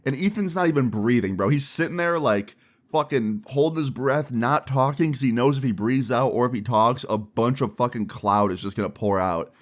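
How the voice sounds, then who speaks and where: A young man tells a school story in loose, chatty storytime style, swearing freely. His voice is lively and informal, with plenty of slang. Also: mid-range voice, normal speed. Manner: animated, profane and chatty. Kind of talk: casual storytime.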